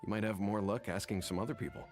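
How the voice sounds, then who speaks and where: A man voicing a wistful townsman in a video game, speaking gently and with regret. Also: fairly low pitch, fast talker, over music, lightly acted. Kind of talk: game voice acting.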